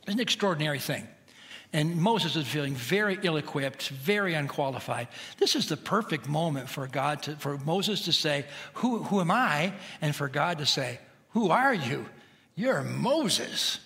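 Bright-voiced male pastor preaching. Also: fairly high pitch, expressive, moderate pace. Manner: conversational preaching, swings from hushed to shouting. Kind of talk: sermon. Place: church sanctuary.

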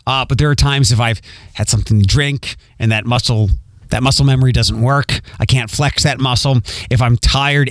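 A man's voice: mid-range voice, steady tone, normal speed, a bit bright, no echo. A man from Philadelphia with a light Philadelphia accent, hosting a podcast in a rambling, casual monologue with many ums. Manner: rambling, with frequent ums and repeats. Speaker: podcast host.

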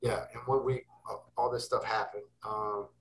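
A man's voice: on the low side, fairly even intonation, moderate pace, fairly bright tone, distant mic, rough recording. A young man speaking as an interview guest, intense and emphatic, swearing freely. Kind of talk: casual interview talk.

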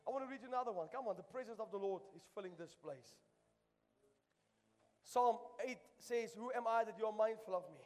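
A pastor with a notably high voice delivers an impassioned sermon, hammering key phrases again and again. His words carry a long reverb from the church sanctuary. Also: fairly quick, a little mellow. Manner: impassioned preaching, repeats phrases for emphasis.

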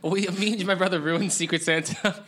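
A man's voice: sits high, fairly even intonation, fairly quick, fairly bright tone. A man co-hosting a podcast, joking casually and laughing easily with friends. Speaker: podcast co-host. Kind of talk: casual chat.

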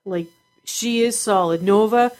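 A woman's voice: mid-range voice, measured pace, low-quality recording. A woman in her thirties chatting casually as a podcast co-host and mother, telling stories with animation and laughing. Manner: animated storyteller, laughs while talking. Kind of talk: casual chat.

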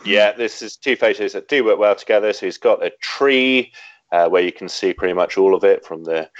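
A man's voice: on the low side, brisk, dry recording, lo-fi sound. A man co-hosting a casual photography podcast, critiquing listener photos in a thoughtful, descriptive way. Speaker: podcast co-host reviewing photos.

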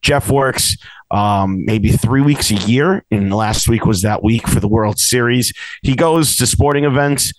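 A man from Massachusetts co-hosts a loose, joking podcast chat. His voice sits at an ordinary middle pitch. The recording is dry and close, with little room sound. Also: unhurried, no echo. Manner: joking, teasing. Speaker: podcast co-host. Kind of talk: casual chat.

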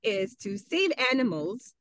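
A middle-aged woman talking frankly in a casual podcast chat, animated and full of "like" as she tells stories. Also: mid-range voice, measured pace. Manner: frank, animated storytelling with lots of "like". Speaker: podcast guest. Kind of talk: casual conversation.

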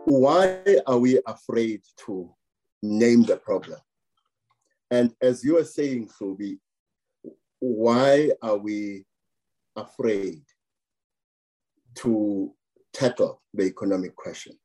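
A man argues slowly and deliberately as an interview guest. His tone is mellow and dark, and he presses his point through rhetorical repetition. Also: fairly low pitch, faint music behind, rough recording. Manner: measured, emphatic, rhetorical repetition.

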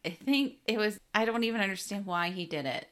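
A woman co-hosting a podcast who chats casually about a movie, reacting quickly and laughing often. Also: mid-range voice, a bit bright. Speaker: podcast co-host. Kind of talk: casual movie recap chat.

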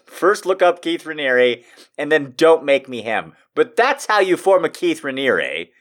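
Brief: male streamer, lively swooping delivery, earnest pep talk turning into loud jokey rants. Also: a little high, measured pace. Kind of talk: casual live-stream chat and reading aloud.

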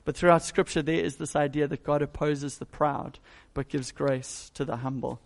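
A man's voice: a little high, steady tone, moderate pace, vocal fry. A male pastor giving a conversational, emphatic sermon.

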